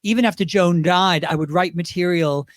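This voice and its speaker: A man with a high voice chats as a talk-show guest, lively and full of asides and restarts. He is close on the mic in a dry room. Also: moderate pace, no echo. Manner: chatty, animated, lots of restarts and asides. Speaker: guest, drag performer. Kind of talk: casual interview chat.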